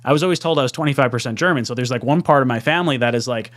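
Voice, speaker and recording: A man's voice: medium pitch, racing, fairly bright tone. A man hosting a podcast, chatting casually, laughing easily and reading out viewer comments. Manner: laughing, easygoing. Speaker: podcast host. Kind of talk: casual chat, reading live chat.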